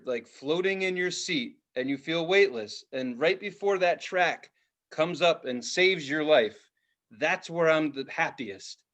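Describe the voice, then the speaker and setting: Forty-something guy cussing his way through a story, kinda high voice, gets loud and lively. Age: 40s. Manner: profane, animated storyteller, laughs often. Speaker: podcast co-host. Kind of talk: casual chat.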